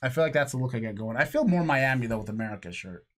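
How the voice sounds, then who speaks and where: A man's voice: medium pitch, expressive, rapid-fire, fairly bright tone. A man co-hosting a casual podcast, rambling through jokes and tangents and laughing often. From lived in Florida. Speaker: podcast co-host. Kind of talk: casual chat.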